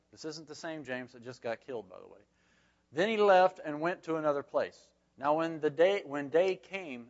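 A man's voice: on the high side, moderate pace, lo-fi sound. A man leading a Bible study class, reading scripture aloud and explaining it in a folksy, conversational way with frequent asides.

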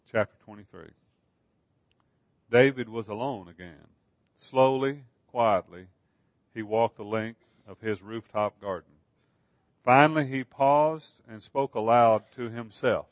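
A man narrating a book calmly, in a dull, dry recording. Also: mid-range voice, dry recording. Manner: slow, calm reading. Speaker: audiobook narrator. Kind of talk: scripted narration.

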